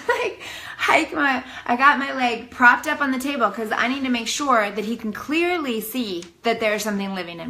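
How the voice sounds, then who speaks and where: A woman in her thirties, casually telling a vlog story to the camera, animated and breathless. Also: medium pitch. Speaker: vlogger.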